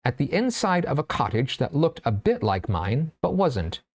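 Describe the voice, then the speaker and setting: Animated male storyteller. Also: medium pitch, moderate pace. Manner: expressive, animated storytelling; relaxed, chatty teaching with fillers. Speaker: writer and class host. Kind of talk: reading a story aloud, then teaching a class.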